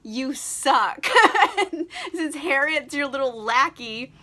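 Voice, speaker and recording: A woman's voice: high voice, slow, pushed and bright. A young woman in a casual book vlog, tipsy, sarcastic and swearing freely as she rants about a novel. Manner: sarcastic, profane and giggly. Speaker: book vlogger. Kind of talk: casual book review chat.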